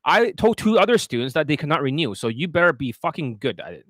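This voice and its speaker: A man's voice: a little high, sing-song, quick pace, fairly bright tone, dry recording, clean studio sound. Blunt, profane male dating coach. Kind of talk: casual livestream talk and sales pitch.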